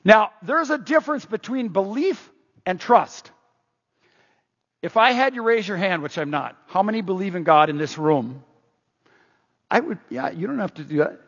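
A man preaching a sermon in an energetic, emphatic way, moving between loud stresses and quiet asides. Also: high-pitched, normal speed, long pauses, husky. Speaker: pastor. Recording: dull, echoing hall sound.

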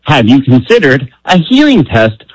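A man's voice: mid-range voice, sing-song, moderate pace, no room sound, rough recording. A man calling in to a radio show, joking and rambling. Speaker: caller.

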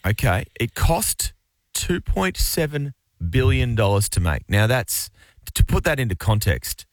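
A man's voice: medium pitch, sing-song, unhurried, dry recording. A man co-hosting breakfast radio, playful and mock-shocked in casual banter. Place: radio studio. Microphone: studio mic.

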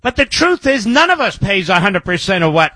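Emphatic high-voiced radio host, man. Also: sing-song, brisk, bright, forceful tone, no echo. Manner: emphatic, repeats key phrases for effect. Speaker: radio talk show host. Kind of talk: talk radio monologue.

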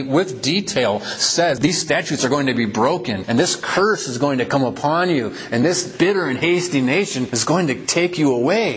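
A man preaching a sermon, asking questions with emphatic rises in pitch. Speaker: pastor.

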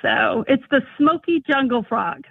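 A woman's voice: high-pitched, expressive, unhurried, creaky, slightly rough, no room sound. A woman from North Dakota calling in to a radio show, talking eagerly with a few ums. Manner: enthusiastic, hesitant with ums. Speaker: caller. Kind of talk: casual phone call to a radio show. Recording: tinny phone line.

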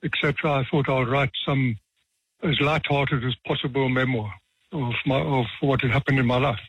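A man in his seventies, a retired judge from South Africa, tells stories from his career with dry, self-deprecating humor and measured pauses. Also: medium pitch, fairly even intonation, fairly bright tone, breathy edge, dry recording. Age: 70s. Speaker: retired judge, author guest. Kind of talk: relaxed anecdotal storytelling. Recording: dull, dry radio sound.

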